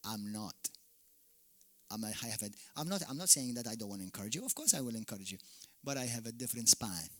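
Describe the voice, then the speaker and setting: Forceful, bright-voiced pastor preaching. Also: male voice, mid-range voice, sing-song, fast. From Malta. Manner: forceful, shouting peaks and sudden drops. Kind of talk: fiery sermon. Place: church hall.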